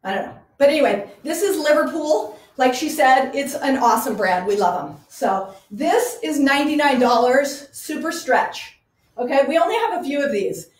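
A woman's voice: sits high, animated, moderate pace. A woman who runs a small garage boutique, chatting enthusiastically as she presents clothes in a live online showcase. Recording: echoey room.

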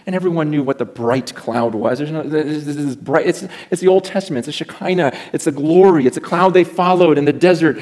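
Middle-aged man, pastor giving a sermon, fairly high voice, animated storytelling, loud then hushed.

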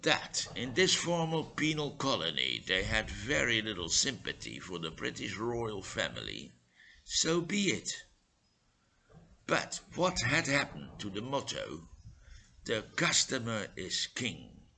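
A man reading a humorous short story aloud in a measured, dryly comic way. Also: on the low side, wildly swooping pitch, vocal fry, sharp tone, poor audio. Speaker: storyteller and English teacher.

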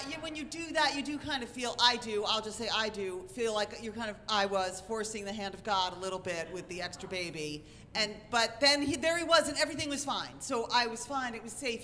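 A woman telling a personal story to a live audience, animated, wry and self-mocking. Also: on the high side. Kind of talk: live comic storytelling on stage. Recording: reverberant hall, faint noise.

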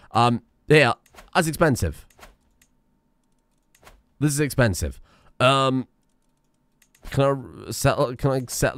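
A young man commenting on a strategy game he is playing, reading the game's text aloud with excitable, wry asides. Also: medium pitch, dry recording. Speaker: gaming video host. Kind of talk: let's play commentary.

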